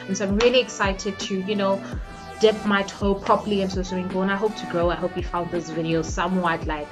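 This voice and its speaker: A woman's voice: medium pitch, fairly even intonation, fairly quick, a bit bright, faint music behind, low-quality recording. A woman chatting casually in a get-ready-with-me vlog, giggly and playfully hyping herself up. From South Africa. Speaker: YouTuber.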